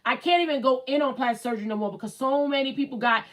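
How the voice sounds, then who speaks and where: A woman's voice: sits high, fast talker, poor audio. A woman in her late thirties hosting a casual livestream, chatting bluntly and reading out viewer comments. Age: late 30s. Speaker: show host.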